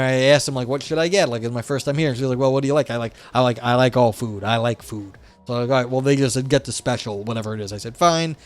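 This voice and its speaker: A man hosting a livestream, chatting casually with viewers and reading a philosophy text aloud, with lots of fillers. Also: medium pitch. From United States, south of the New England area. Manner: chatty, responds to chat, many fillers. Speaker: livestream host.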